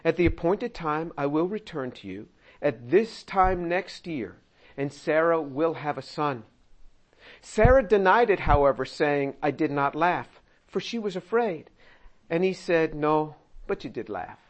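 A man preaching through a Bible passage, animated, laughing often and acting out the quoted lines in voices. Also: a little high, unhurried. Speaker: pastor. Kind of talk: expository sermon reading and commenting on scripture.

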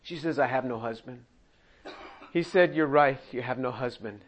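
A man preaching through a Bible passage, animated, laughing often and acting out the quoted lines in voices. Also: mid-range voice, normal speed, slight background noise. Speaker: pastor. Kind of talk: expository sermon reading and commenting on scripture.

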